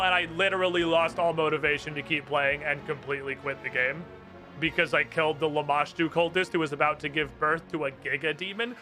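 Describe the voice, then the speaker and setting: A man streaming a video game, giving animated, profane, ranting commentary. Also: on the high side, a little fast. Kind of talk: casual live-stream commentary. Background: game music.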